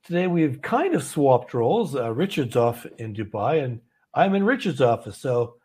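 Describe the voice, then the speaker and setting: A man's voice: medium pitch, big pitch swings, moderate pace, darkish tone, slightly rough. A man from Canada hosting a casual trading livestream from an office, chatty and easygoing as he walks through charts. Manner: chatty, easygoing, laughs often.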